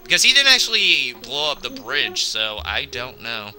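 A man's voice: mid-range voice, moderate pace, poor audio. Guy rambling over his let's play, voice jumps all over when the game annoys him, music going behind. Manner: rambling, excitable, scolds the game aloud. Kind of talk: casual gameplay commentary.

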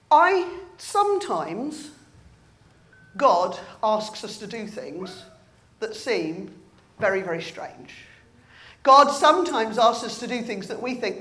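A woman preaching a humorous sermon in a church, telling the story with animated storytelling and acting out voices. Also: medium pitch.

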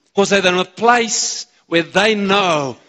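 A South African man preaches a sermon in a church hall, and his fairly high voice rings out with a long reverb. He is excitable and bounces questions off the congregation. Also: slow. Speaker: pastor. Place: church auditorium.

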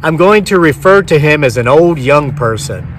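A man's voice: fairly high pitch, animated, moderate pace, recorded from a distance, slight background noise. A man in his forties, a homesteading vlogger, retelling a story to camera outdoors and acting out both sides of the dialogue. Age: 40s.

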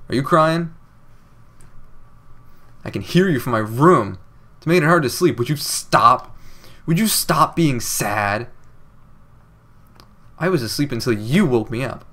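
A man's voice: mid-range voice, fairly bright tone. A young man doing casual let's play commentary, reading game dialogue aloud with a sarcastic, jokey manner. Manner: sarcastic, jokey, reads game text with odd inflections.

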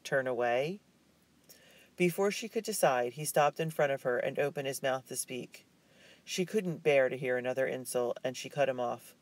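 A man narrating a children's novel chapter in a measured, even storytelling manner. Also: mid-range voice, dry recording. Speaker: audiobook narrator. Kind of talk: scripted audiobook narration.

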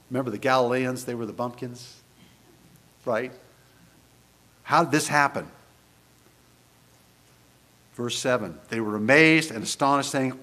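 A pastor with a mid-range voice preaches a sermon in church, animated and conversational. He keeps asking the congregation rhetorical questions.

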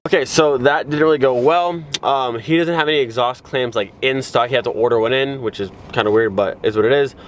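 A man's voice: mid-range voice, brisk, few pauses, slight background noise. A young man filming a casual car vlog, talking in a rambling, exasperated way with many filler words. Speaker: car vlogger.

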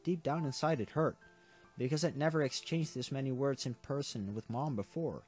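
A man narrates a visual novel aloud for his let's play audience at an average pitch. His reading is earnest, with the occasional stumble and quick self-correction. Soft game music sits faintly behind him. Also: husky.

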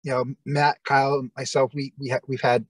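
A man's voice: mid-range voice, flat delivery, moderate pace, slightly rough, no room sound. A man telling stories in a casual interview, rambling with lots of fillers and restarts. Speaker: interview guest.

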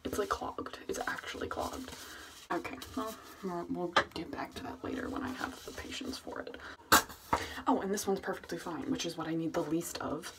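A woman vlogs at home indoors, chatting casually in a rambling, self-mocking way and muttering asides to herself. Her voice is fairly low-pitched at a normal speed, and the recording is very noisy.

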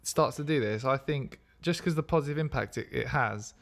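A man's voice: mid-range voice, moderate pace, gravelly. A man co-hosting a podcast in casual chat, teasing his partner and laughing often. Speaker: podcast co-host.

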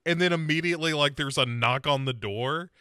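A man's voice: on the high side, a little fast, no echo, studio quality. A man co-hosting a podcast who recaps scenes in casual, comedic chat and acts out the characters. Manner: animated, recaps scenes with voices. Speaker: podcast co-host.

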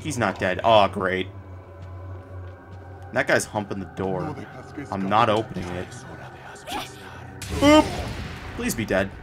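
A man with a fairly low voice talks through a gameplay session, cursing and blurting out reactions as he goes. Faint game music sits behind him. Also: very animated, slow, long pauses. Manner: swears often, blurts out reactions. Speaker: gameplay streamer. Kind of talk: profane casual gameplay commentary.

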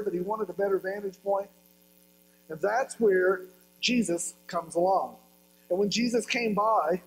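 High-voiced man preaching with humor. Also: a little hiss or hum, low-quality recording. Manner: humorous storytelling, acting out voices. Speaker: pastor. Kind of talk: sermon.

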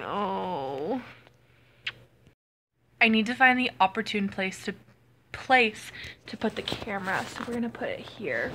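A woman's voice: medium pitch, sharp tone. A woman vlogging in a casual, chatty way indoors at her grandmother's house, cooing baby talk at her cat and teasing it playfully. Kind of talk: casual vlog chat.

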